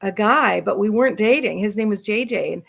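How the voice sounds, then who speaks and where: A middle-aged woman from Southern California, a guest telling her travel stories in lively fashion over a video call. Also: medium pitch, brisk, vocal fry. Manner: lively storyteller acting out quoted voices. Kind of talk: storytelling in an interview.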